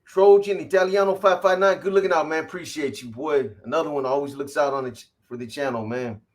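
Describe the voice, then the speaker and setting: Man shouting out viewers, higher voice. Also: steady tone, fast talker. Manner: rattles off viewer shout-outs, slangy, calls people boy. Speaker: livestream host. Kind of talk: casual livestream chat.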